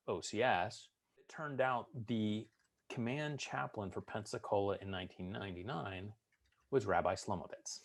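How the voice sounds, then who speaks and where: A middle-aged man with a fairly low voice tells his stories in a relaxed interview. He is good-humored and likes to act out the voices of the people in them. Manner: humorous storyteller, acts out drill instructor voices. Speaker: veteran interviewee. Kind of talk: storytelling interview.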